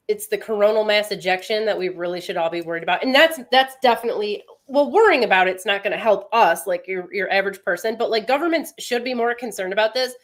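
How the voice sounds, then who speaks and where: A woman chats casually on a livestream, explaining things in plain, easygoing terms. Her voice sits at a middle pitch, and she keeps an informal, talkative manner with her co-host and viewers. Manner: chatty, animated, explains science plainly.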